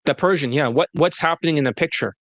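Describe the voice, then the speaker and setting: A man with a slightly raised pitch speaks as a dating coach in a loose, casual interview. His talk is blunt and full of profanity, often broken by laughter. The sound is dry and close. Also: fast, a bit bright, dry recording, highs cut off.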